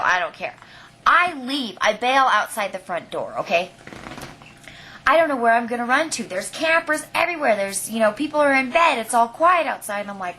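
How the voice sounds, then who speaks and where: A young woman telling a funny personal story in a casual vlog, acting it out dramatically and often checking in with "okay?". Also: fairly high pitch. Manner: animated, dramatic retelling with lots of "like" and "okay?". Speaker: vlogger.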